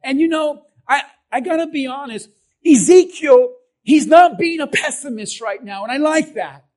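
A man preaches to his church with a strikingly high voice. He swings from fervent shouting to hushed lines and keeps throwing questions at the congregation. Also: moderate pace. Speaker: pastor. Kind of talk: sermon.

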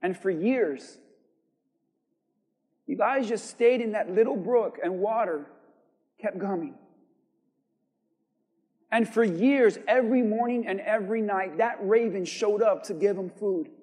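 A man preaching a sermon as pastor, swinging from quiet, measured lines to shouted emphasis. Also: high voice, in a large hall. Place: church.

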